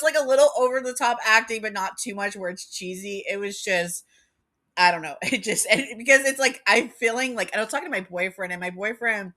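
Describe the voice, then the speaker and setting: Giggly rambling woman with a bright voice. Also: medium pitch. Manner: rambling, giggly, heavy use of "like". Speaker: vlogger. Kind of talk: casual chat.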